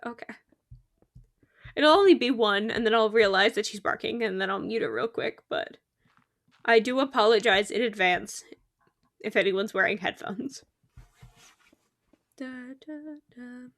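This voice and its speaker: A woman's voice: medium pitch, normal speed, long pauses, a bit bright. A young woman chatting casually as she plays a game on a live stream, talkative and laughing often at her own remarks. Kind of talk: casual chat while playing a game.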